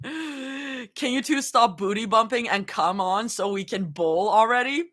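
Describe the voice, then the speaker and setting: A woman voicing a chirpy, impatient young woman who rushes her friends along. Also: a little high, fairly bright tone. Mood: eager.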